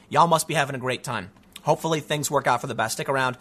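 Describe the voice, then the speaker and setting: A man's voice: medium pitch, quick pace, fairly bright tone. A man hosting an opinionated solo commentary show, talking in a mocking way and often stammering repeated words. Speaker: political commentary host.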